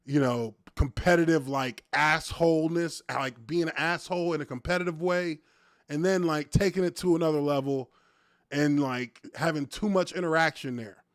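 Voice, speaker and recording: A man's voice: a little high, fairly even intonation, normal speed, dry recording, clean studio sound. A man in his thirties, a former offensive lineman, hosting a casual live stream and telling stories with a lot of profanity and laughter.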